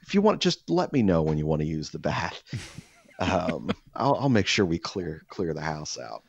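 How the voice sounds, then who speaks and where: Young male podcast host, very low voice, rambling, profane storytelling, dry lo-fi sound. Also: big pitch swings, normal speed, vocal fry, breathy edge, dry recording. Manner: rambling, profane, many fillers and restarts. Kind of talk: casual storytelling chat.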